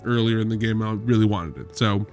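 A man hosting a casual let's-play, relaxed and loose, talking through his gameplay. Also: lowish voice, fast talker, soft background music.

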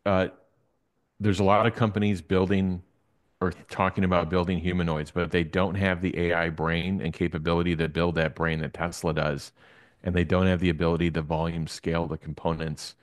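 A male guest in a casual interview chat, explaining his views in a measured way. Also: sits low, little pitch movement. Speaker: guest analyst.

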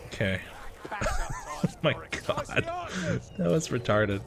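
A man giving gameplay commentary, excitable and rambling, swearing often as he plays. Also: medium pitch, measured pace. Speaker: gaming channel host.

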